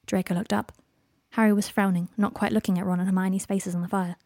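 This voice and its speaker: A woman reads a fan fiction story aloud in an expressive narrating voice. Her pitch sits in a middle range for a woman. The recording is close and completely dry. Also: fast, dry recording. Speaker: reader. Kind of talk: fan fiction audiobook reading.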